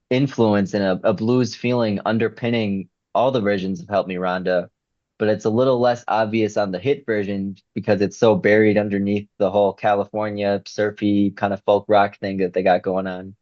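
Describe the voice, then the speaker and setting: Low-voiced man on a dull dry mic. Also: steady tone, normal speed, a little mellow, no room sound. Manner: thoughtful, reflective, says "you know" often. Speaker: podcast co-host. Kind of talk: casual chat.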